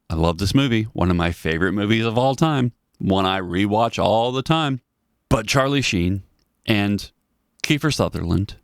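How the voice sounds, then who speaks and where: A man hosting a solo podcast, talking in a chatty, animated way and laughing often. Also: lowish voice, no room sound, clean studio sound. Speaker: podcast host.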